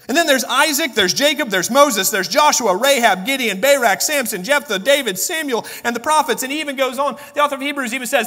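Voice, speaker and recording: A man's voice: very high-pitched, expressive, moderate pace, sharp tone. A man preaching a sermon with passion, acting out the voices of biblical figures as he goes. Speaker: pastor. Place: church sanctuary. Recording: long church reverb.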